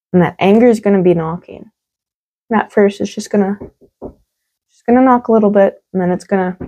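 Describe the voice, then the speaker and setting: A woman's voice: low voice, vocal fry, mellow, poor audio. A woman hosting a solo podcast monologue, talking candidly and emphatically, repeating words for stress and swearing freely. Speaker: podcast host.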